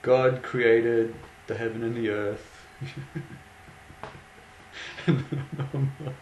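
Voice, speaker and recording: A man's voice: mid-range voice, steady tone, drawn-out words, a little mellow. Laughing man telling a story. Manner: amused, laughing often, mocking. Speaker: vlogger. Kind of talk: casual storytelling. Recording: echoey room with faint background noise.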